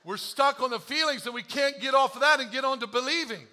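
A man preaching a sermon as pastor, joking at himself and moving from quiet confession to loud urging. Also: very high voice. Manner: animated, self-deprecating humor, swings from quiet confession to shouting; quotes scripture slowly.

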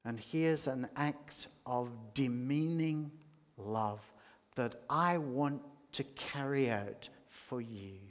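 A man preaching a sermon, slow and deliberate, rising to emphatic points. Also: medium pitch. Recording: long hall reverb.

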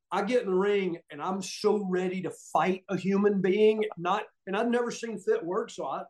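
A middle-aged man with a Southern US accent, telling stories casually and acting out the quotes. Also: high-pitched. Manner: animated, acts out quotes, laughs often. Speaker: podcast guest, former wrestler. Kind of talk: casual storytelling.

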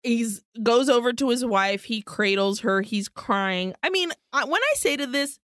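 A woman co-hosting a podcast, retelling a horror film plot in an animated, profane way. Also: on the high side, measured pace, dry recording. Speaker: podcast co-host.

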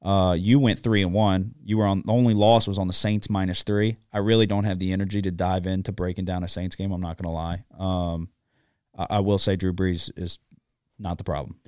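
A man's voice: deep voice, flat delivery, a little fast, a little mellow, smooth, dry recording, clean studio sound. A man co-hosting a sports betting podcast, ranting with frequent profanity in casual chat.

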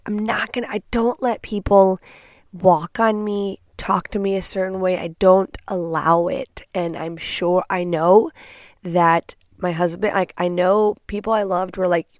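A woman's voice: medium pitch, no room sound, studio quality. A young woman from Texas, hosting a podcast, tells a story bluntly and with lots of swearing, acting out what people said. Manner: blunt, profane, animated retelling with quoted asides. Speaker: podcast host. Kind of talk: casual storytelling.

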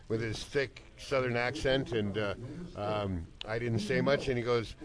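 A man's voice: medium pitch, steady tone, moderate pace, crowd noise. A man co-hosting a wrestling talk show, chatting casually and telling rambling, playful stories. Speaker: wrestling podcast co-host. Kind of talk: casual chat.

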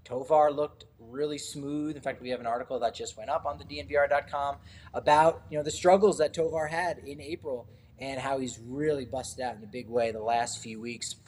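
Male co-host for a sports podcast, loose and rambling, mid-pitched. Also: fairly quick, slight background noise. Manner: relaxed, rambling with many fillers and restarts. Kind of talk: casual sports podcast chat.

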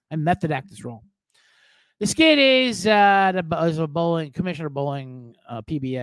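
Brief: man in his forties, podcast host, high pitch, dry close mic, swears a lot, rambles. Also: no room sound. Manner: profane, rambling, self-deprecating storytelling. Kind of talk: casual sports podcast monologue.

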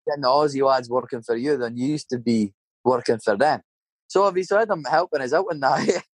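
Talking a little fast in a medium-pitched voice, this middle-aged man with a Scottish accent tells loose, casual stories laced with swearing and tag questions. There's no room sound on the recording.

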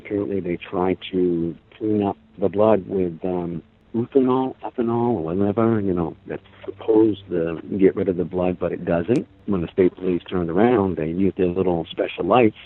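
A middle-aged man, a grandparent, telling his story on a phone interview, halting with many fillers and acting out what others said. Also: sits low. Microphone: phone call. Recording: tinny phone line, faint music.

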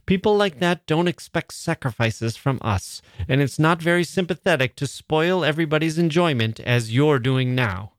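A man's voice: medium pitch, animated, unhurried, no room sound, clean studio sound. A man reading aloud, voicing a poised upper-class mother who talks in an airy, condescending way.

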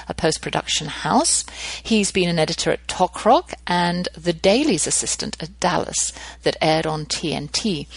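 A woman's voice: fairly low pitch, gravelly, husky, dry recording, rough recording. A middle-aged woman, hosting a show and telling a family story with wry, dry humor. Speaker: podcast host. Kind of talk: storytelling monologue.

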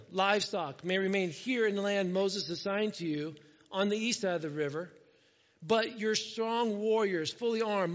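A man preaches in a high voice, chatting with his listeners and often asking "right?" as he acts out scripture quotes. His voice rings with long reverb in a church hall. The recording sounds dull and lo-fi. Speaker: pastor. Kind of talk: sermon with scripture reading.

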